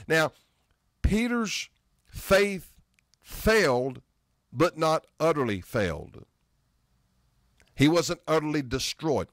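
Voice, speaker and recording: A middle-aged man preaching a sermon, quoting scripture and slowing down hard on key words for emphasis. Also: a little high, no room sound, clean studio sound.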